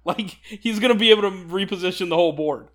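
On this podcast, a male co-host speaks quickly in a high-pitched voice. Laughing a lot, he explains tabletop game rules in a relaxed, enthusiastic way.

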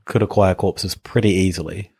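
A man's voice: deep voice, fairly even intonation, gravelly, darkish tone, husky, no room sound. A jokey man in dry podcast chat. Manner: chatty, quick reactions and jokey asides. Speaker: podcast co-host. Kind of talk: casual conversational podcast.

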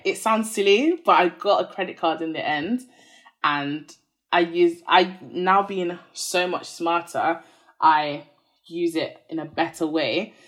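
A woman in her twenties, a podcast guest candidly telling a personal story in a chatty, earnest way, full of "like" fillers. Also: fairly low pitch.

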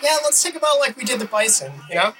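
A man's voice: very high-pitched, animated, fast, sharp tone, rough recording. A man co-hosting a movie-watching podcast, dropping joking interjections. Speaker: podcast co-host. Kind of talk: casual movie commentary.

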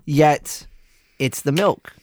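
A man's voice: on the high side, very slow, darkish tone. Teasing man on a casual podcast. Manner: teasing and jokey. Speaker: podcast co-host. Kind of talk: casual chat.

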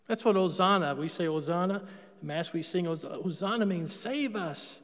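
Preaching at a moderate pace with a notably high, fairly bright voice, a Catholic priest asks his congregation questions and then answers them, keeping the sermon conversational. His words echo with long reverb like in a big church.

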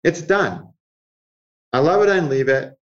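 Animated man explaining astrology, muffled sound. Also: fairly high pitch, a little slow. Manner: acts out inner voices, chuckles often. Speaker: astrologer guest.

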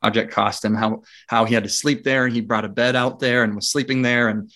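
An adult man with young children, a property investor, speaks at an average pitch as a guest in a relaxed interview. Brisk and energetic, he acts out dialogue and laughs while telling his story. His casual talk is packed with fillers and restarts.

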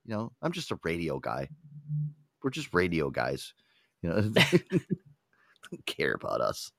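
A man's voice: deep voice, slow, vocal fry, no echo, studio quality. A man hosting a radio show in casual, profane banter, often slipping into mocking voices. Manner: animated, profane, breaks into mimicking voices.

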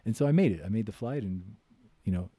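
An American man, a podcast guest and author, telling a story in casual chat and loudly acting out the voices he quotes. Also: lowish voice, expressive, quick pace, slightly rough, no echo. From United States.

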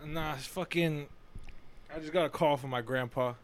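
A man's voice: fairly high pitch, moderate pace. A man co-hosting a casual podcast, telling a story animatedly and swearing freely. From Florida, USA. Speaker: podcast co-host. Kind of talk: casual chat.

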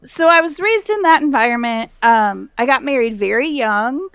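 A woman's voice: sits high, lively intonation, moderate pace, fairly bright tone, smooth, no echo, clean studio sound. A young woman from the United States, a pastor, telling her story in a chatty podcast interview with lots of fillers and laughter. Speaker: guest pastor.

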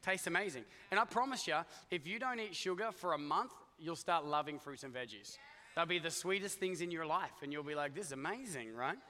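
A man's voice: on the high side, animated, fairly quick, bright, forceful tone. A middle-aged Australian man preaching a chatty, joking sermon, talking to the congregation with lots of asides. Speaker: pastor. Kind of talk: conversational sermon. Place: church hall. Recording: echoey church hall.

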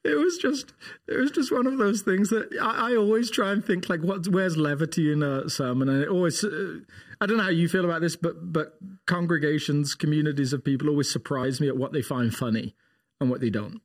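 A man with a slightly raised pitch talks his way through a long anecdote in a relaxed podcast conversation. He restarts his sentences and laughs easily, like a pastor used to telling stories. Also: fairly quick. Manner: rambling storyteller, laughs often, trails into restarts. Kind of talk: casual chat.

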